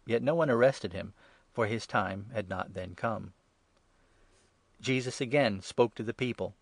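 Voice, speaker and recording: A man giving a measured, even scripture reading. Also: fairly low pitch, no room sound. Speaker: reader.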